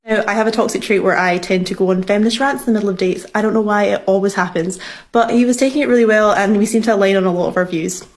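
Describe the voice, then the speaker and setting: Brief: woman, fast, emphatic, exasperated storyteller who swears now and then. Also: mid-range voice, steady tone. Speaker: engineer telling a dating story. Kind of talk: casual storytelling to camera.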